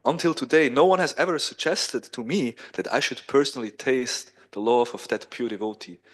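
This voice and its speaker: A man's voice: mid-range voice, a little fast, natural voice. A man voicing a puzzled divine lord who questions his queen. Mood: amazed. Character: Krishna, a bewildered divine lord.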